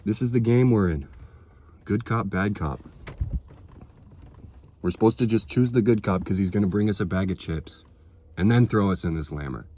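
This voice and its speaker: A man's voice: on the low side, moderate pace, pauses often, warm tone. A man delivering a heated, sarcastic political rant to his viewers, swearing freely. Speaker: political vlogger. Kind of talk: ranting monologue to camera.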